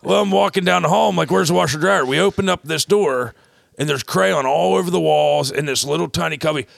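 A man's voice: on the high side, a little fast, creaky, dry recording, clean studio sound. A man hosting a podcast, telling a long rambling anecdote in casual chat and acting out the people in it. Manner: rambling anecdote with quoted voices, animated. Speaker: podcast host.

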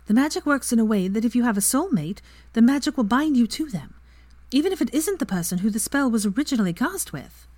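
A woman's voice: a little high, sing-song, quick pace, darkish tone, dry recording, pitched above the performer's own voice. A woman voicing a composed young witch who explains old magic in a story reading. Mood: explaining. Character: knowing young witch, matter-of-fact and composed.

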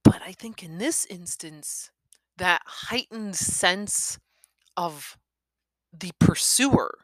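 A woman with a lower voice that swings widely and expressively, talking a book over with her child in an animated, analytical way. Her tone is bright and the sound is dry and close. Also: extremely slow, no echo. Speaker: parent reading a novel with her child. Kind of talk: casual discussion of a story's craft.

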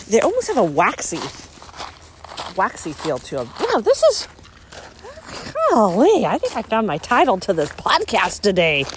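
A woman hosting a podcast as she walks along a beach, talking casually with lots of ums and bursts of excitement. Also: low-pitched, slight background noise. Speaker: podcast host. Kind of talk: casual walking monologue. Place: outdoors on a beach.

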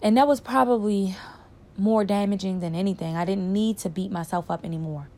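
A woman's voice: medium pitch, fairly even intonation, darkish tone. Earnest woman telling her own story. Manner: earnest, reflective, pauses and repeats for emphasis. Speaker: storyteller sharing a personal experience. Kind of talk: candid personal testimony.

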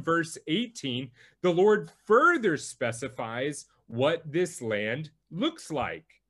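A male pastor preaching a sermon, teaching through a Bible passage with slow, emphatic delivery. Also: on the high side.

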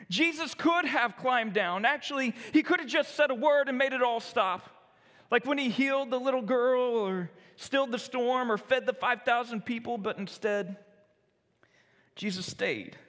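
A man reads a children's storybook in a high voice. He narrates expressively, dropping to slow and hushed at solemn moments. A long reverb trails each line.

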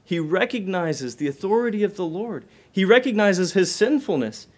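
A preacher man with a fairly high voice delivers a sermon. His delivery swells loud and then drops low and soft. He asks the listeners direct questions. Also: sing-song, fairly quick, few pauses.

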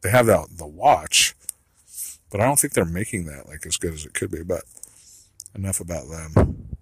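A man's voice: low-pitched, normal speed, slightly rough, no echo, poor audio. A man delivering a rambling solo monologue, blunt and profane, trailing off into asides.

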